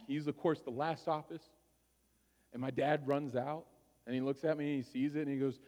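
A man's voice: fairly high pitch, normal speed, long reverb tail. A male pastor telling a personal story during a sermon, conversational and often checking in with his listeners.

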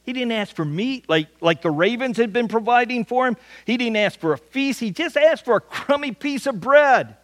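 A man's voice: very high-pitched, animated, normal speed, few pauses, in a large hall. A male pastor preaching a sermon in a folksy way, often stumbling over repeated words.

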